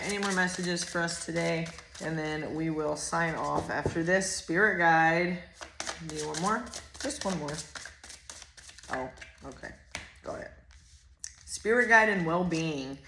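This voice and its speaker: Brief: woman, lowish voice, rambling card reader who gets excited and curses casually, echoey room. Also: a little hiss or hum. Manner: chatty, rambling, excitable, swears freely. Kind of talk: casual oracle card reading.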